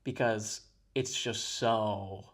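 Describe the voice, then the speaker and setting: A man's voice: lowish voice, fairly even intonation, extremely slow, a bit bright. A man hosting a reaction video, giving sarcastic, mock-admiring commentary.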